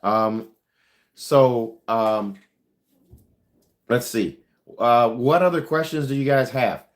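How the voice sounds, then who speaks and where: A man's voice: mid-range voice, slow pace. A man, a car salesman, chatting casually on a livestream, answering viewer questions in a rambling, frank way with many ums and uhs. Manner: frank, advice-giving.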